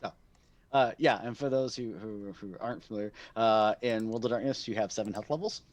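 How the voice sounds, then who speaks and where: A man running a tabletop game as game master, narrating in a relaxed, rambling way with frequent fillers. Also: fairly low pitch, a little fast, dry recording. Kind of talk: narrating a tabletop game over a live stream.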